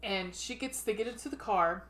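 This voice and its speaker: A woman's voice: mid-range voice, moderate pace, fairly bright tone. A woman co-hosting a podcast, chatting casually and retelling a movie plot with lots of swearing and fillers. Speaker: podcast co-host. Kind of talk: casual chat.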